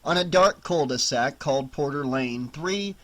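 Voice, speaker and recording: Male horror audiobook narrator, bright tone, slightly high, measured dramatic delivery. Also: a little hiss or hum. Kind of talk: scripted narration.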